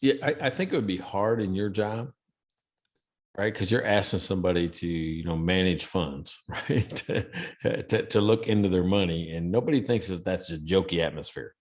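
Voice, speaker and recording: A man's voice: sits low, normal speed. A middle-aged man co-hosting a casual podcast, telling stories animatedly and acting out quotes with big laughs. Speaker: podcast co-host.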